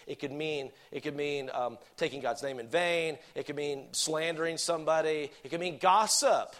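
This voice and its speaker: Preacher man with big dynamic swings. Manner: swings between emphatic loud points and soft low asides; reads scripture verses then explains them. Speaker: pastor. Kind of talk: sermon.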